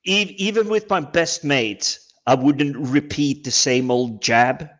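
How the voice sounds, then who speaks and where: A man talks casually on a video call, his voice slightly higher than usual. He often stumbles and restarts his sentences before getting to the point. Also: a bit bright. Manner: halting, stumbling over repeated words. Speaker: panel guest.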